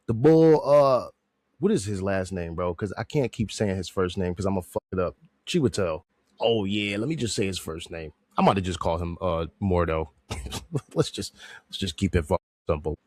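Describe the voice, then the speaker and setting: A man's voice: deep voice, animated, moderate pace, darkish tone, no echo, studio quality. A man hosting a podcast, chatting casually and rambling, joking and laughing often. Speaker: podcast host reviewing a movie. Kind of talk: casual slangy chat.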